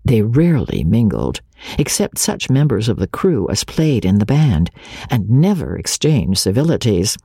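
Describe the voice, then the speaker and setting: Male audiobook narrator, mellow husky tone, animated pitch, expressive literary reading. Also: a little slow, dry recording, studio quality.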